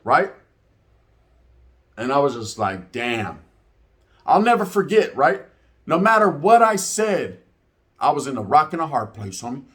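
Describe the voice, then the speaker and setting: A man's voice: on the high side, very animated, normal speed, long pauses, a bit bright. A man in his forties telling a story and giving his opinion in casual, profane street talk, often tagging his lines with "right?". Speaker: reaction video host.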